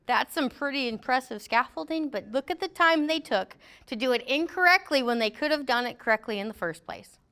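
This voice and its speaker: High-voiced middle-aged woman, joking safety instructor who acts out quotes. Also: lively intonation, brisk, bright, forceful tone, smooth. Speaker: safety trainer. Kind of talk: classroom training talk.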